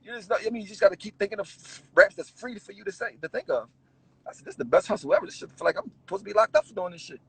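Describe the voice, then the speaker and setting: Animated man telling raw stories. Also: high voice, very fast, creaky, husky, dry recording, rough recording. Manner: animated, swearing, laughing storyteller. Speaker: interview guest, rapper. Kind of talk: casual storytelling interview.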